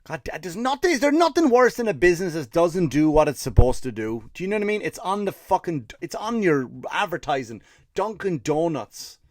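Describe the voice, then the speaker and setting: A man's voice: a little high, very animated, brisk, no room sound, studio quality. An Irish man who hosts a comedy podcast, telling a rambling story with profanity and fired-up rants. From Ireland. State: tired after running 50 miles (story).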